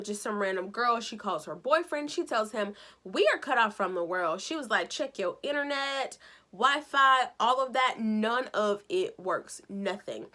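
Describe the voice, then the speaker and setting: A woman giving a casual, chatty recap of a TV episode, telling it with sass and acting out the characters' lines. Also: a little high. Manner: animated, sassy storytelling with acted-out quotes. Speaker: show recap vlogger.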